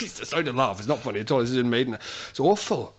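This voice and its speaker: A man hosting a casual radio chat, teasing his guest and laughing often. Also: medium pitch. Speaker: radio host.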